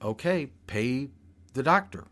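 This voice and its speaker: A man's voice: medium pitch, lively intonation, slow pace, fairly bright tone, pitched above the performer's own voice. An older man quoting his stern mother as she scolds her son, in a firm voice.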